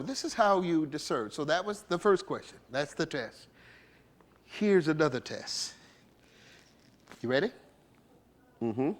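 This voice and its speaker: A man's voice: fairly high pitch, sing-song, unhurried, long pauses. A man preaching a sermon as a bishop, conversational and playful, asking the congregation rhetorical questions and laughing between points, with features.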